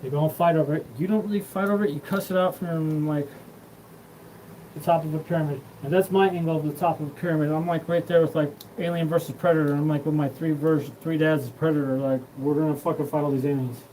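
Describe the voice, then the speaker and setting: A man's voice: on the high side, steady tone, fast talker, warm tone, a little hiss or hum, poor audio. A man hosting his own show, talking in a rambling, profane monologue that jumps from topic to topic. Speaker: show host.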